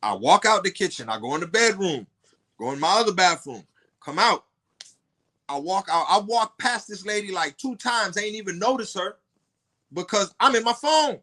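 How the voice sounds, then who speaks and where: A man tells a story as a podcast guest, blunt and full of curses. His voice sits somewhat high and sounds bright and forceful, and it keeps spiking into sharp outbursts. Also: normal speed. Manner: animated, profane, blunt storytelling with rising outbursts.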